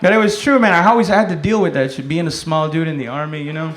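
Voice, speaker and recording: A man's voice: fairly high pitch, fast talker, fairly bright tone, a faint crowd. A man doing stand-up comedy on a club stage, telling self-deprecating, profane stories in a loose, conversational way. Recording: roomy club with noisy audience.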